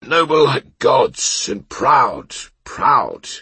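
A man's voice: medium pitch, sing-song, very slow, bright, forceful tone, breathy edge, dry recording, voice pushed up, full character voice. A man voicing a slurring drunken disgraced knight. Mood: maudlin. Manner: slurred, wistful.

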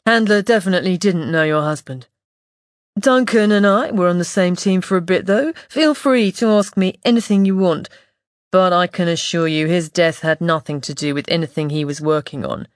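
A man's voice: high voice, moderate pace, no echo, clean studio sound, lightly acted. A woman reading an audiobook voices a suspicious, nervy male police officer who smokes, with a squeezed nasal voice and a wheeze. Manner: suspicious, curt.

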